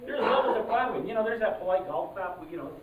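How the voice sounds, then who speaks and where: A member of an improv troupe warming up a live audience, talking haltingly with many fillers and restarts and loudly calling out cues to the crowd. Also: medium pitch, lively intonation. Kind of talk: live audience warm-up talk. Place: live show venue. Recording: distant, roomy, muffled live recording. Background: audience ambience.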